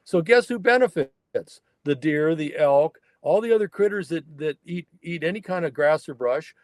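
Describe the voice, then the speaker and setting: A man's voice: a little high, lively intonation, moderate pace, darkish tone, no echo. A man, a wild horse researcher from the northern California mountains, telling a story as a guest on a remote interview and acting out the people he quotes.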